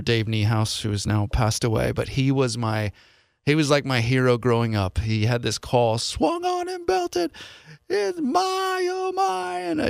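Gravelly-voiced man telling his story. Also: medium pitch, no echo, studio quality. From Seattle, USA. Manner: earnest, confessional, voices his past thoughts as quotes. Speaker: podcast host. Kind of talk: personal storytelling monologue.

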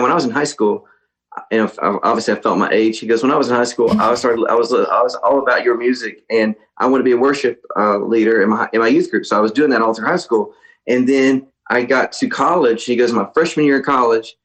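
Man, musician guest, animated storyteller, mid-pitched voice. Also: fast, low-quality recording. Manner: animated storyteller, mimics others in a raised voice. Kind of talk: casual storytelling interview.

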